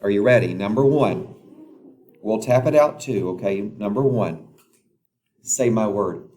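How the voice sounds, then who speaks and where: A man teaching a phonics lesson to young children, slowly sounding out letters and words with patient prompts. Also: fairly low pitch, mellow, a little hiss or hum.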